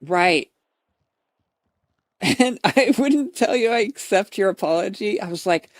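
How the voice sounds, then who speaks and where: A woman's voice: medium pitch, lively intonation, unhurried, pauses often, dry recording, clean studio sound. A woman streamer chatting casually to her viewers, laughing often and swearing as she retells a roleplay scene.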